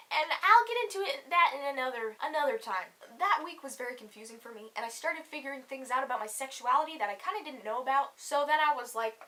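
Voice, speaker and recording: A young woman vlogger telling a comic story to camera, swearing a lot and swinging between loud outbursts and low mutters. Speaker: comedy vlogger. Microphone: camera mic.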